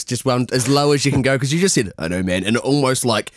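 A man co-hosting a podcast, excitable and giggly. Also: medium pitch, quick pace, a little hiss or hum. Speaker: podcast co-host. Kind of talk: casual podcast chat.

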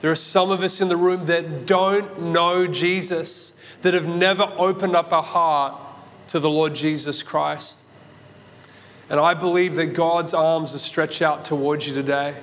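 A man in his thirties with an Australian accent, preaching a sermon and telling a personal story with animated, acted-out moments. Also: fairly high pitch, measured pace. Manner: animated storytelling, acts out his own shouts and thoughts. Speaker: pastor. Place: church auditorium. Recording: long church hall reverb.

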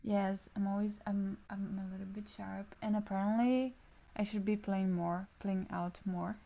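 A woman's voice: mid-range voice, fairly even intonation, moderate pace, creaky, mellow. A woman, a music student, telling stories in casual chat, upbeat and laughing mid-sentence.

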